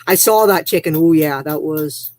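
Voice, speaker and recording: A woman's voice: low-pitched, normal speed, a little mellow. A woman hosting a casual livestream, chatting loosely, reading viewer comments aloud and laughing easily. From Canada. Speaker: livestream host.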